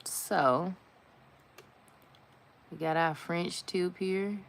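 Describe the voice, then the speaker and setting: A low-pitched woman talks slowly and easily through a nail art tutorial. She chats to her viewers in a slangy, casual way and sometimes sinks to a near whisper as she focuses on the detail work. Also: gravelly. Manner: chatty, slangy, talks to viewers while working; drops to a whisper while concentrating.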